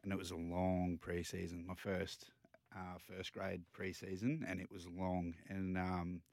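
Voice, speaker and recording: Australian male guest in his thirties, relaxed and reflective, low voice, dry close mic. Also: a little slow, dry recording. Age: 30s. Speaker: guest rugby league player. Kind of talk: casual interview chat.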